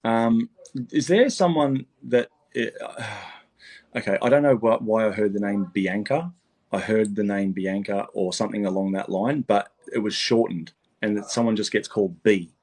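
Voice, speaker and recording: Sex: man. Role: psychic reader. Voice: low, husky. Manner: rambling, swearing. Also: fairly even intonation, moderate pace, a little mellow. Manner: rambling, repetitive, swears freely. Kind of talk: casual reading on a call.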